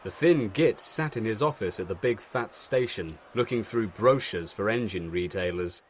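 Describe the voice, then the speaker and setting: A man's voice: lowish voice, lively intonation, moderate pace, a little hiss or hum. A man giving scripted narration of a comic story in a wry storytelling manner.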